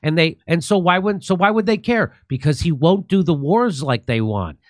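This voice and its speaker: A man's voice: fairly high pitch, lively intonation, moderate pace, dry recording, clean studio sound. A man hosting a political talk show, reading news aloud and adding sarcastic jokes. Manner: sarcastic, joking asides. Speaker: show host.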